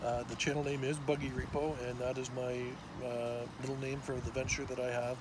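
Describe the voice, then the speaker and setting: A man of fifty telling a personal story to camera in an animated, excitable way, filmed on a phone. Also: medium pitch, brisk. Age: 50s. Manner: excitable, animated, with small restarts and laughs. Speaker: vlogger. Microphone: phone on a selfie stick. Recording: loud outdoor background noise.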